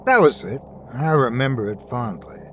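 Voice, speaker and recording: A man's voice: medium pitch, expressive, normal speed, slight background noise, lightly acted. A man voicing a gleeful taunting boogeyman. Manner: mocking, relishing cruelty. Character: sinister taunting male boogeyman, ageless and gleeful.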